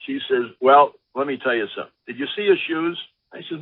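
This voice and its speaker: An older former ballplayer telling lively anecdotes in an interview, acting out the voices of the people he quotes. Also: medium pitch, brisk, husky, no room sound. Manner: animated anecdotes, acts out quotes. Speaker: former baseball pitcher, guest. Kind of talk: storytelling interview. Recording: dry, phone-like line.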